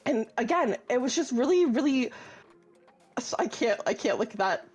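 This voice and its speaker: A woman judge chatting casually, giggly and dramatic, and quick to make fun of herself. Her voice sits high. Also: expressive, darkish tone, breathy edge, soft background music. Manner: giggly, dramatic, self-mocking. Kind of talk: casual chat on a video call.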